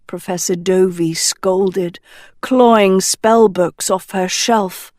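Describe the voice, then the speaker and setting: A woman narrating a storybook in a measured, deliberate way. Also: medium pitch, fairly even intonation, a little mellow, dry recording, studio quality. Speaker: audiobook narrator.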